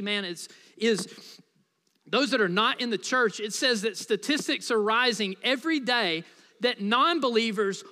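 A man's voice: extremely high pitch, bright, forceful tone, long reverb tail. A man preaching a sermon as pastor, from the United States, in a conversational, playful style full of asides to the congregation.

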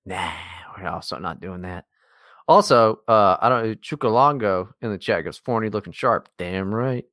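Animated, foul-mouthed male podcast co-host. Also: lowish voice, moderate pace. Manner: profane, mocking, teasing. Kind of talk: casual podcast banter.

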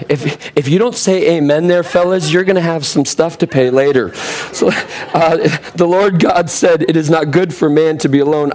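Hoarse humorous young pastor, man. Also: a little high. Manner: humorous, storytelling, lively asides. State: a little hoarse. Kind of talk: sermon.

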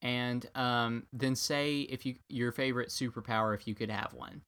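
Level and fairly bright, his mid-range voice moves at normal speed as the young podcast co-host wryly jokes through a casual story, playing out the quotes himself.

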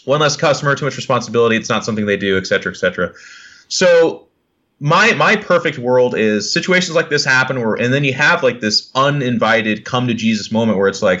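A man chats bluntly as a podcast guest. He swears freely and slips into short impressions of other people. His voice comes through dull and lo-fi, at a middling pitch. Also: animated, brisk, pushed and bright. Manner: blunt and profane, acts out quoted people. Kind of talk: casual podcast chat.

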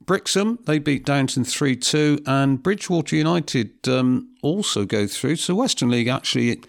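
A man's voice: medium pitch, lively intonation, normal speed, vocal fry, no room sound, studio quality. A man co-hosting a casual football chat, talking hesitantly with many ums. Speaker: co-host.

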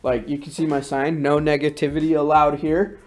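Male sales trainer, upbeat coaching delivery, slightly high pitch, soft music bed. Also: brisk. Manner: energetic, demonstrating with his voice. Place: sales office.

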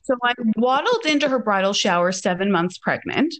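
A woman's voice: medium pitch, moderate pace. A woman in her thirties hosting a podcast, casually telling a story and acting out the quoted dialogue. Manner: animated, acts out quoted dialogue. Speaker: podcast host.

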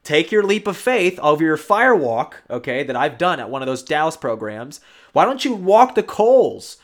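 A man with a somewhat high voice rants through an opinion monologue. He rambles with restarts and fillers, drives his points home with emphasis, and keeps asking his listeners to agree. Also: sing-song, normal speed. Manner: rambling, emphatic, tag questions like "right?".

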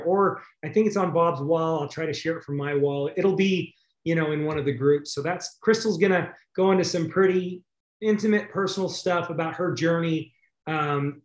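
A man's voice: a little high, reverberant. A man hosting a video call, talking in a rambling, grateful way. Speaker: host. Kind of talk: casual video call chat.

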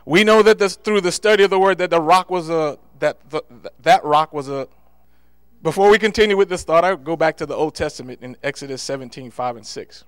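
A man preaching a sermon, reading scripture aloud and rising to loud, emphatic delivery when he quotes it. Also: a little high, normal speed, clear, resonant tone, dry recording, studio quality.

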